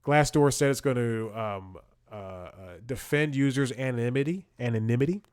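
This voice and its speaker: The host of a comedy podcast, a young man, speaks in a mid-range, darkish, clean voice at a moderate pace, with studio quality and no room sound. His casual monologue is a rambling story, broken up by chuckles and restarted sentences.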